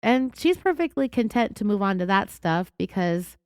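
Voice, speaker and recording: A woman with a California accent hosting a true crime podcast, raspy from being sick, telling the story in an indignant, sarcastic way. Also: medium pitch, big pitch swings, normal speed, dry recording, studio quality. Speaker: podcast host.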